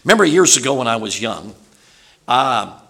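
A man's voice: mid-range voice, very animated, normal speed, gravelly, a bit bright. An older man preaching a sermon in a folksy, rambling way, often asking his listeners questions. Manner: folksy, rambling with restarts and asides, asks the audience questions.

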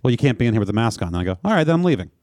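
A man co-hosting a casual podcast, making sardonic, deadpan jokes. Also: mid-range voice, rapid-fire, no echo, studio quality. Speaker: podcast co-host. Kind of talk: casual chat.

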